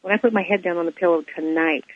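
Husky woman teaching by phone. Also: lowish voice, fast, no room sound. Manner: reflective, repeats phrases for emphasis. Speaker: co-host and spiritual teacher. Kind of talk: teaching talk with a story on radio. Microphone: telephone. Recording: tinny phone line, dry.

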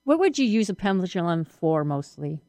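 Agreeable woman co-host, low voice. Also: very animated, a little mellow, no room sound. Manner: frequent affirmations, quick agreeable replies. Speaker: radio co-host. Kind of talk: casual talk show chat. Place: radio studio.

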